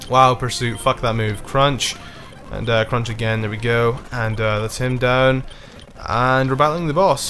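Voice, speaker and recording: A man's voice: medium pitch, steady tone, unhurried, a bit bright, faint music behind. A man commenting casually on his own gameplay, rambling, swearing often, and frustrated but apologetic. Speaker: let's play gamer.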